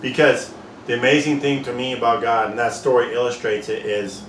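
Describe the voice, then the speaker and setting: A man's voice: medium pitch, fairly quick. A man in a casual faith discussion, earnestly retelling a Bible story with many restarts. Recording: echoey room, distant mic, faint noise.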